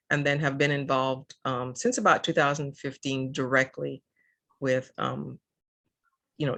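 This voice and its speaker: An older woman from Southern California, a guest and EV advocate, speaks in an extremely low-pitched, fairly bright voice. In this casual interview she talks earnestly, with many fillers and restarts.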